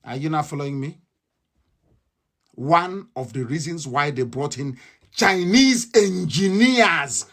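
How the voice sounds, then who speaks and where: A man's voice: fairly high pitch, expressive, takes it slowly, long pauses, a bit bright. A man with a Nigerian accent giving a combative, mocking live radio address, repeating his points again and again. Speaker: radio broadcaster.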